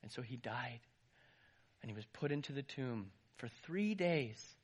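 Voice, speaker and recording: Husky preacher retelling a story. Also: male voice, medium pitch, a little slow. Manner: lively retelling, voice rising and falling, some restarts. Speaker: pastor. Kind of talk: sermon storytelling.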